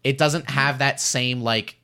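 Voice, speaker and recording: A man's voice: mid-range voice, fairly even intonation, slow pace, bright, forceful tone, clear, resonant tone. Rambling man in casual chat. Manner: rambling, leans heavily on "like". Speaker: podcast co-host.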